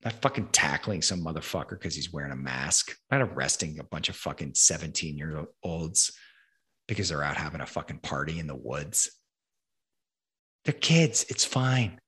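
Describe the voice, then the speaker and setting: A man's voice: very deep voice, lively intonation, moderate pace, bright, forceful tone, husky. A man hosting a conversation, ranting angrily and emphatically with lots of swearing. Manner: profane, angry, emphatic ranting. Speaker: podcast host.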